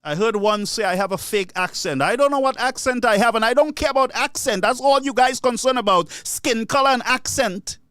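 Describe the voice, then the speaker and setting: Caribbean guy, really high voice, fired up and ranting about politics, dry close sound. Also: fairly quick, few pauses, fairly bright tone, no echo. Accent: Caribbean English. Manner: indignant, ranting, repeats himself. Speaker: political commentator. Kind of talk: solo opinion monologue.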